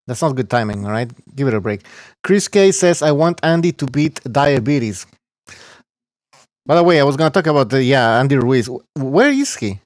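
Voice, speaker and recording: A man's voice: mid-range voice, sing-song, moderate pace, no room sound, studio quality. A man hosting a boxing podcast, blunt and scoffing, cursing freely as he talks casually. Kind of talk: casual profane boxing talk.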